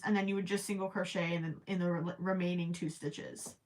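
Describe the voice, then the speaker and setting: A woman's voice: medium pitch, fairly even intonation, a little fast, hardly any pauses. A woman chatting casually with her viewers while she crochets, rambling with plenty of ums and self-deprecating asides. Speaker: crochet livestream host.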